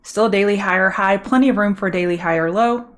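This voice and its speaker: A woman's voice: medium pitch, fast. A middle-aged woman from Louisiana with a Southern accent, hosting a live market commentary stream in a chatty, upbeat way and answering viewers by name. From Louisiana, USA. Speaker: trading show host.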